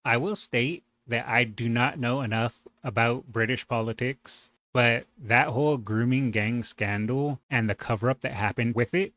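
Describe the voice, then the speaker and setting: A man's voice: mid-range voice, moderate pace, few pauses, fairly bright tone, no room sound. A man hosting a reaction video, commenting casually with sarcasm and indignant rhetorical questions.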